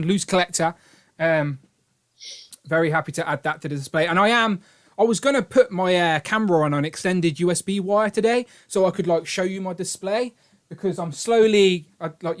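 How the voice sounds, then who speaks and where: A British man hosting a toy collecting live stream, rambling and joking as he thanks donors. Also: high voice. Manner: rambling and jokey, reads out donations. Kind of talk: casual live-stream chat.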